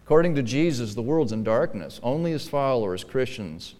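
A man pastor preaching a sermon in a church, emphatic, dropping to quiet asides and then pressing hard on key lines. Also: medium pitch, expressive, brisk, long reverb tail.

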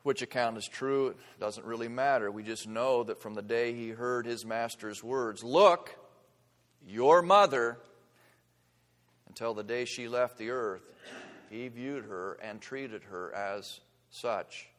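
Man, pastor, sermon, earnest, fervent emphasis, mid-pitched voice, long hall echo. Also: fairly even intonation, a little slow.

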